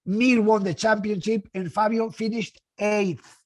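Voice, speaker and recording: A man talks in casual podcast chat, his voice sitting fairly high for a man. He speaks haltingly, restarting his phrases as he searches for words. The recording is very dry and close. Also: fairly even intonation, darkish tone, dry recording. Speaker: podcast co-host.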